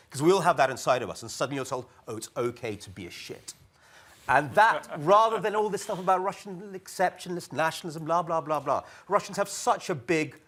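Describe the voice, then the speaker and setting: A man on a conference panel, talking in a wry and lively way. He often slips into mock voices to quote other people. His pitch sits in an ordinary middle range. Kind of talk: panel discussion remarks. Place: conference hall.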